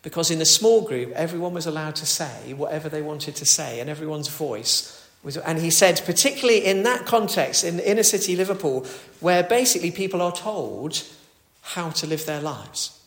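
A man preaching a sermon in a relaxed, conversational way, with fillers and restarts. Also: on the high side, moderate pace. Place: church. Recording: echoey church hall.

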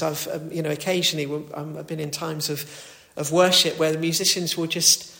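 A man delivering a sermon, talking conversationally with the odd filler and restart. His voice sits a little high for a man. The church around him makes the sound roomy and echoey. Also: level tone, brisk, vocal fry, hardly any pauses, bright, forceful tone. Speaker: preacher.

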